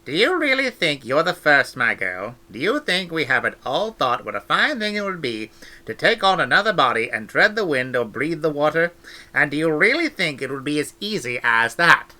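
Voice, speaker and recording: A man voicing a stern, no-nonsense old village witch woman, brisk and scolding. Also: fairly high pitch, very animated, pushed and bright, exaggerated voice.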